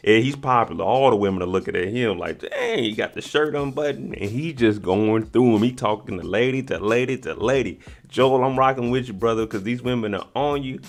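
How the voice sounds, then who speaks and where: Animated man doing slangy show recap. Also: brisk. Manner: animated, slangy, acts out quotes in higher pitch. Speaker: YouTube reaction host. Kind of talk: casual recap commentary.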